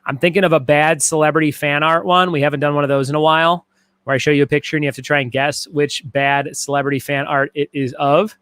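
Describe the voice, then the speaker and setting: Joking trivia host reading viewer comments. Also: male voice, on the high side, level tone, fast, fairly bright tone, clean tone, dry recording. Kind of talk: casual livestream trivia hosting. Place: home garage.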